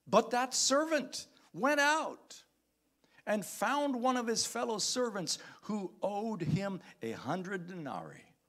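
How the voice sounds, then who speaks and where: A man preaching a sermon as pastor, reading scripture aloud with dramatic emphasis and calling out to the congregation. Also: fairly high pitch. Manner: calls out to the congregation.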